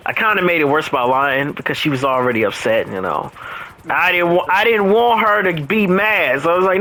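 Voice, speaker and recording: A young man talks over a video game session, recounting a squabble with lively quoted voices. His tone is bright and slightly high. It is loose, relaxed chat between friends. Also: fairly quick, low-quality recording. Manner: storytelling, animated quoting of others. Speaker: gamer. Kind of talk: casual chat while playing a game.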